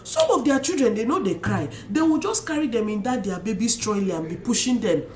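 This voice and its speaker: A young Nigerian woman telling stories casually to her viewers with an animated, expressive manner and Pidgin asides. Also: a little high, fairly quick, roomy sound. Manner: animated, mixes Pidgin asides, imitates loud shouts. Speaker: vlogger. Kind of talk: casual storytelling to camera.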